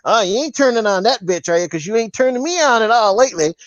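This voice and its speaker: A man's voice: high-pitched, animated, quick pace, no echo, lo-fi sound, voice pushed up. A man voicing a jealous, nagging young girlfriend in a whiny, accusing tone. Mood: annoyed nagging.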